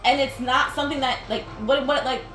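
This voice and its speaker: A woman's voice: high-pitched, fairly even intonation, a little fast, bright, forceful tone. A young woman chatting while she plays a video game, rambling and laughing, with a lot of "like". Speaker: gaming video host. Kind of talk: casual chat while playing a game. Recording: roomy sound with game music behind.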